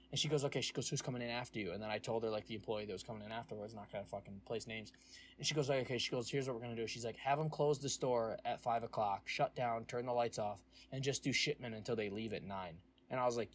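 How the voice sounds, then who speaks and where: Profane ranting young man, faint noise. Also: lowish voice. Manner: ranting storytelling, profane, acts out quoted voices. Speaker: podcast host. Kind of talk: casual chat.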